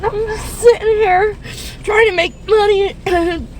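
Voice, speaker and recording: A woman in her fifties with a very high voice breaks down in tears as she vents. Her speech is halting and full of swearing and nervous laughs. She is recorded on a phone in her parked car, with faint noise behind her. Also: fairly even intonation. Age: 50s. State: crying and distressed. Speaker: rideshare and delivery driver. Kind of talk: tearful venting video. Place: parked car in a fast-food parking lot.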